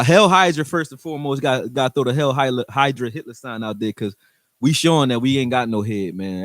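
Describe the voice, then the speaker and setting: A man's voice: medium pitch, dry recording. A man hosting a sports show who breaks down football plays in casual, frank and slangy talk, with some swearing, speaking straight to his viewers. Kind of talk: casual football film commentary.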